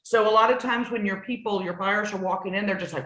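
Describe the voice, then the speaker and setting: A woman's voice: medium pitch, fast, fairly bright tone. Earnest woman sales coach in an echoey room. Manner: earnest, emphatic, repeats points for stress. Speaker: new home sales trainer. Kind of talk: conversational sales coaching talk. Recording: roomy echoey sound.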